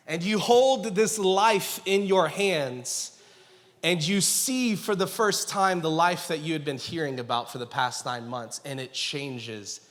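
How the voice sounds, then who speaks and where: A man's voice: a little high, a bit bright. A man in his thirties, a pastor preaching a sermon, telling a family story in a conversational way with self-mocking humor and acted-out quotes. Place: church sanctuary. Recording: long hall reverb.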